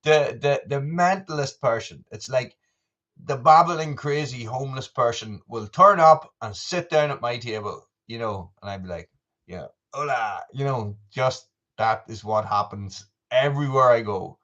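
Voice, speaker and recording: Man, 30s, mid-pitch, rambling live-stream chatter, lo-fi sound. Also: moderate pace, a bit bright. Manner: chatty, rambling, lots of restarts and asides. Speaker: vlogger doing a live chat.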